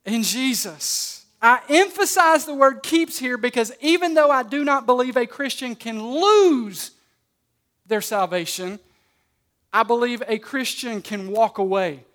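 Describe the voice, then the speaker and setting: A pastor preaching a sermon at a church service, emphatic, swinging between loud and soft and repeating words as he starts his phrases. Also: high voice.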